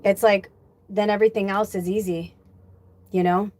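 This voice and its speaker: A woman's voice: medium pitch, steady tone, moderate pace, darkish tone, no room sound. A woman spiritual medium talks casually on a livestream, loose and rambling, with the odd curse word. She reads viewer comments aloud and mulls over them as she goes. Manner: chatty storyteller, acts out quoted dialogue.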